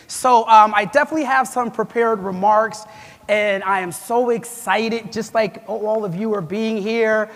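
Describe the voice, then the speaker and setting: A man in his thirties giving an energetic keynote speech, animated and chatty, joking at his own expense and calling out to the audience. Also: high voice, measured pace. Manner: animated, chatty, self-deprecating, with audience call-outs. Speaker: keynote speaker. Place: large event hall. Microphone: lapel mic. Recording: long hall reverb.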